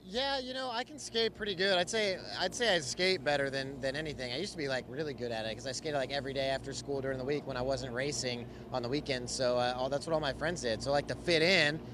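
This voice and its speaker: A man's voice: medium pitch, quick pace, few pauses. A man from California, a race car driver, answering interview questions in an easygoing, rambling way. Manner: easygoing, rambling, many fillers. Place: outdoor race garage. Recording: noisy outdoor garage recording.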